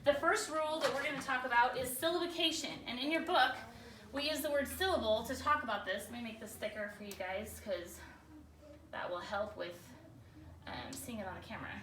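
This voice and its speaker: A woman with a high, bright voice teaches a lively spelling lesson and keeps checking in with the class. She sounds distant from the mic in an echoey classroom. There is a faint hum of room noise behind her. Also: a little fast. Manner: energetic, checks in often with questions.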